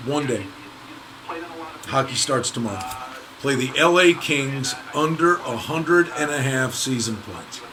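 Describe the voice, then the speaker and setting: A man's voice: medium pitch, expressive, measured pace, poor audio. A man working as a sports handicapper, confidently giving betting picks in a casual chat. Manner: confident, gives picks in a matter-of-fact way. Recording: crowd chatter in the background.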